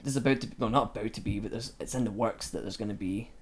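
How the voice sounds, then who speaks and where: A man's voice: fairly low pitch, quick pace, breathy edge. A man hosting a casual podcast, joking and swearing as he talks about games. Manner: swears, laughs and jokes crudely. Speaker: podcast host.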